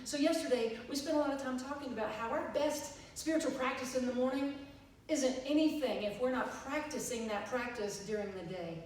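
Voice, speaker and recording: A woman's voice: high voice, brisk, a little hiss or hum. Lady preaching, acts out her story with laughs, big echoey church sound, a bit far off. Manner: animated, acts out dialogue with laughter. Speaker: minister. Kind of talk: storytelling sermon. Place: church sanctuary. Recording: echoey hall, far from mic.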